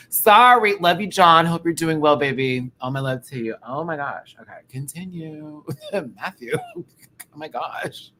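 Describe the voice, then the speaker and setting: Animated campy man reviewing a show. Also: mid-range voice, slight background noise. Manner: animated, campy, breaks into laughter and singing. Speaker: YouTube reviewer. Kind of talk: casual live review chat.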